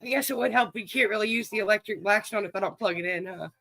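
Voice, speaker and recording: A man with a drawl hosts a casual livestream card game. His voice sits high and bright, and he talks in a folksy, chatty way as he calls out viewers by name. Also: quick pace, gravelly, dry recording. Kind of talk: casual livestream chat, reading viewers' names.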